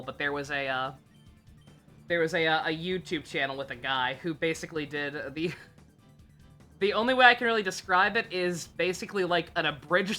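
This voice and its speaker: A woman's voice: deep voice, sharp tone. A woman streaming a game live, chatting casually in a rambling, profane way with lots of fillers. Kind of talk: casual live gameplay commentary.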